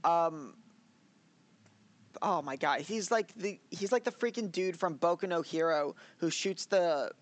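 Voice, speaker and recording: A man's voice: on the high side, measured pace, dry recording. A man co-hosting a loose, chatty review of anime episodes. He rambles, laughs often and acts out the scenes he describes. His voice sounds dry and close, with no room around it. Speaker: podcast co-host. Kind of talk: casual anime review chat.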